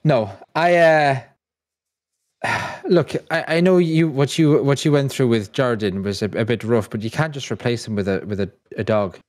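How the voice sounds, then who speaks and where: A man's voice: mid-range voice, moderate pace. A man playing in a tabletop game, speaking casually with hesitant, stammering restarts. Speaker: player.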